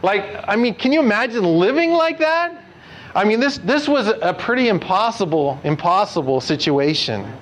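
A man's voice: high-pitched, big pitch swings, moderate pace, low-quality recording. A man preaching a conversational sermon as pastor, earnest and putting direct questions to his congregation.

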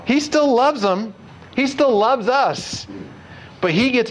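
A pastor with a notably high voice for a man gives a conversational sermon. He talks earnestly and keeps turning to his listeners with direct questions. A faint hum of noise sits under his voice. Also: lively intonation, takes it slowly, rough recording.

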